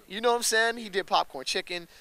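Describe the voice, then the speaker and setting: A young man, a rapper, telling stories in a casual interview with a slangy, animated manner that jumps up in pitch when he gets excited. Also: quick pace. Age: young adult.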